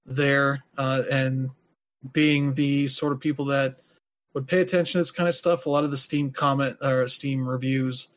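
A man talks loosely on a podcast, filling pauses with plenty of "uh" and "you know." His voice sits at an ordinary middle pitch. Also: little pitch movement. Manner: rambling, many filler words. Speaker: podcast host. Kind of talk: casual chat.

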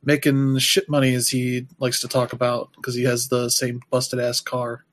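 A man's voice: medium pitch, monotone, moderate pace. A man chatting casually as a podcast co-host, rambling loosely with lots of fillers and dropping wry, offhand asides. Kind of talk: casual chat.

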